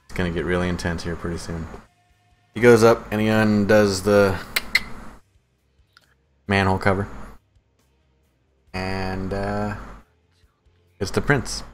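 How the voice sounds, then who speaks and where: A man narrating as game master of a tabletop role-playing game, laid-back and quick to laugh. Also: low-pitched, level tone. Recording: music playing in the background.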